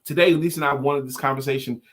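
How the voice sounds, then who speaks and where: A man's voice: medium pitch, steady tone, fast talker. A man co-hosting a casual morning show, chatting and breaking into short sung jingles for viewers. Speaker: co-host.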